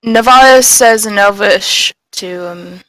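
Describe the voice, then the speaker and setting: A woman's voice: mid-range voice, slow, a bit bright, no echo, poor audio. A woman playing a tabletop game who speaks hesitantly with many fillers. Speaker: player. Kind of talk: casual tabletop game talk.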